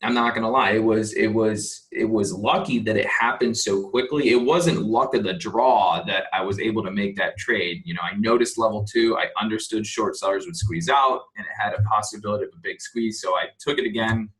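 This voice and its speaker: Young male trading educator, lower-pitched voice, blunt self-critical recap, casual and profane. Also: a little fast, few pauses, a bit bright, low-quality recording. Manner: candid, self-critical, swears freely. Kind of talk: casual screen-share trade recap.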